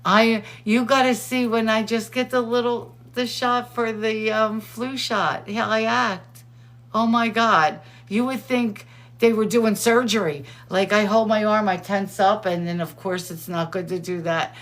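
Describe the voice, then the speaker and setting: A middle-aged woman hosting, chatting with friends in a casual, excitable way and laughing often. Her talk is unhurried and drawn out. Her pitch sits in the middle of the range. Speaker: host. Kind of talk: casual chat.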